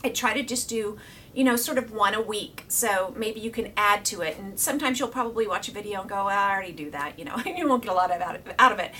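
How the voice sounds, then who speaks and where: A middle-aged woman giving a casual faith teaching to her viewers, animated, laughing often and dropping to a whisper for emphasis. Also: medium pitch, fast, recorded from a distance, a little hiss or hum. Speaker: Christian video teacher.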